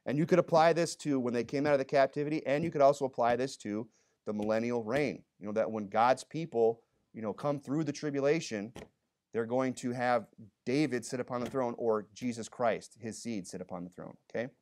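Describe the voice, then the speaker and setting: Male pastor, mid-pitched voice, conversational sermon in a church. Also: a little fast. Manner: conversational, frequent "you know" and "okay?", reads scripture louder. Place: church sanctuary.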